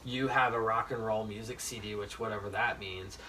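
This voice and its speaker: A man hosting a casual podcast chat, his voice bright and forward. He tells stories frankly, swears freely and restarts his sentences often. He sits a little way back from the microphone. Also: fairly low pitch, fairly even intonation, fairly quick, distant mic, a little hiss or hum. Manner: frank, profane storytelling with many restarts. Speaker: podcast host.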